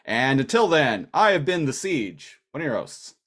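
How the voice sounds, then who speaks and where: A man's voice: medium pitch, big pitch swings, normal speed, a bit bright. A Canadian man co-hosting a podcast, chatting in a laid-back, joking way over a video call. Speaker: podcast co-host. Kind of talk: casual chat.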